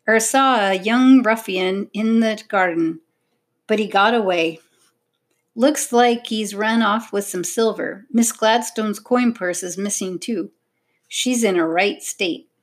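Woman playing a gruff wheezy London constable. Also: medium pitch, takes it slowly. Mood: urgent. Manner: brusque, working-class speech.

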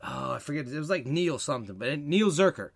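A man's voice: a little high, vocal fry, dry recording. A man from Ohio co-hosting a podcast, chatting casually and joking in a teasing way. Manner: jokey, animated, quick to tease. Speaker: podcast co-host.

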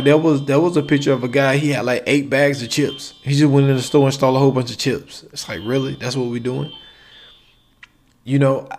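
Male solo podcast host, casual conversational delivery, medium pitch, faint music under the voice. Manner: casual, conversational, acts out quoted exchanges.

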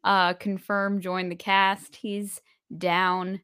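Young woman cohost, easygoing friendly chatter, mid pitch, dry close sound. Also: level tone, a bit bright, clear, resonant tone, no echo. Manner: friendly, laughs easily, quick back-and-forth. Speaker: podcast co-host. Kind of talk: casual chat.

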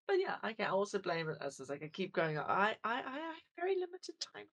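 A woman's voice: medium pitch, wildly swooping pitch, quick pace, fairly bright tone. A woman co-hosting a podcast in casual chat, rambling and self-deprecating, full of fillers and restarts. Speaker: podcast co-host.

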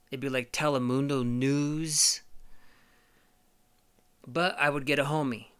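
Crisp, bright-voiced rambling comic host. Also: male voice, on the high side. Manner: profane, rambling, halting with fillers. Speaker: podcast host. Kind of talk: rambling comedic monologue.

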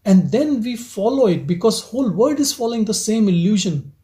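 Leading a satsang, this male spiritual teacher has a soft, mellow voice that sits high for a man, and he speaks in an animated way at a fairly quick pace. His teaching is gentle and probing, full of repeated rhetorical questions, reflective rather than forceful.

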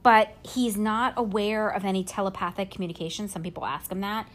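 A woman podcast host retelling a story in casual chat, haltingly, with fillers and self-corrections. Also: medium pitch, steady tone, slight background noise.

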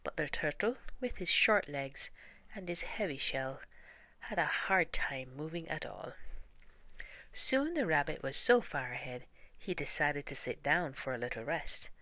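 Gentle, unhurried woman reading stories in a half-whisper. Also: low-pitched, very animated, no room sound. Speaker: storyteller. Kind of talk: soft-spoken ASMR story reading.

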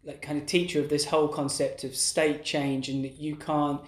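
A man's voice: on the high side, flat delivery, normal speed. A middle-aged man in casual podcast conversation, talking in loose, rambling sentences full of restarts. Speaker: podcast co-host. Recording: roomy echo.

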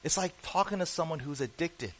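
A man's voice: a little high, fairly quick, fairly bright tone, low-quality recording. A man preaching a sermon as pastor, emphatic and full of rhetorical questions put to the congregation.

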